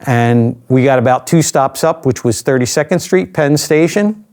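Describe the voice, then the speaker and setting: A man's voice: mid-range voice, moderate pace, a little mellow. An older man, an interview guest, telling a personal story in a reflective, conversational way with dry asides.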